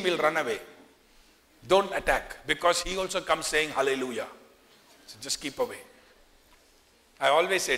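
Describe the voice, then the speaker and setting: A male pastor preaching with lively storytelling in a fairly high, bright voice. He throws questions out to the congregation as he goes. His words ring with long reverb in a church hall. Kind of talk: sermon.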